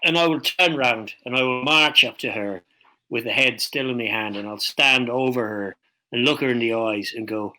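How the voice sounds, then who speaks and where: A man at a tabletop game, talking in character with a brash, profane, combative edge. His voice is bright and forceful at a middling pitch. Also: moderate pace, poor audio. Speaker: player.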